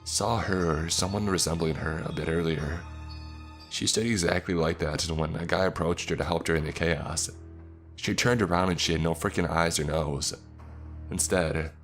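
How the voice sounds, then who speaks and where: A man's voice: low-pitched, steady tone, moderate pace, fairly bright tone, soft background music. A man voicing a tough, focused young woman who survives a monster outbreak and speaks bluntly and curtly. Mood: urgent.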